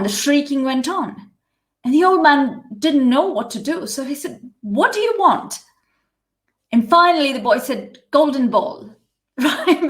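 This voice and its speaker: A woman telling a myth in a live teaching session, measured, with restarts and asides. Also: fairly high pitch. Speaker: spiritual teacher. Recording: roomy echo.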